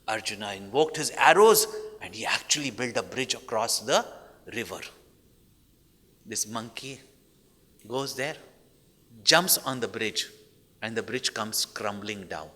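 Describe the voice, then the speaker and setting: A man's voice: fairly high pitch, pushed and bright. Man telling stories in a spiritual talk. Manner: frequent questioning "hmm?" and "no?" tags. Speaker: spiritual teacher. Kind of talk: spiritual discourse with storytelling. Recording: long hall reverb.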